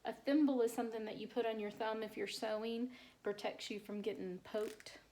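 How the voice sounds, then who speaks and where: A woman teacher, slowly sounding out word parts in a phonics lesson for young children and praising them. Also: a little high, fairly even intonation, mellow. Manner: slow, clear sounding-out of word parts, encouraging.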